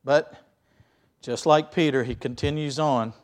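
A man preaching a sermon as pastor, telling the story vividly and swinging between loud stresses and quiet asides. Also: fairly high pitch, fairly even intonation, a little slow.

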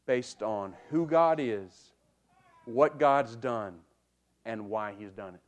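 The congregation hears a man preach emphatically and slowly, his pitch medium. He speaks to them directly, alternating hushed and loud delivery and repeating words to build toward his point.

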